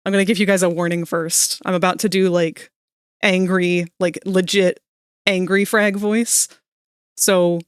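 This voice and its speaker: A soft-spoken woman streaming from home, chatting casually with viewers into a desk microphone. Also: medium pitch, no echo, clean studio sound. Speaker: livestreamer.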